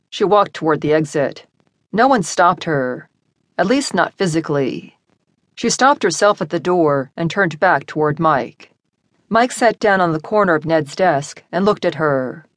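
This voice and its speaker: A woman narrating an audiobook in measured, expressive storytelling. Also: deep voice, no room sound, studio quality. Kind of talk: scripted narration.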